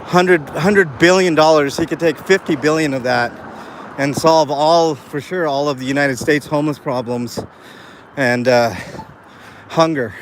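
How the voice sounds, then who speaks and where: A man's voice: on the high side, fairly even intonation, measured pace. A man talking to his live chat as he walks down a city street, rambling earnestly with lots of fillers. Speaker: live streamer. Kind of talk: walking live stream vlog. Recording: faint street noise outdoors. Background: street and traffic sounds.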